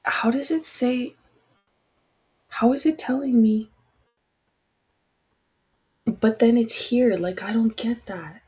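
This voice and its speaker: A woman's voice: a little high, slow pace, long pauses, darkish tone, slightly rough, low-quality recording. A woman hosting a casual livestream, talking frankly and chattily with apologetic asides to her listeners. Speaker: podcast host.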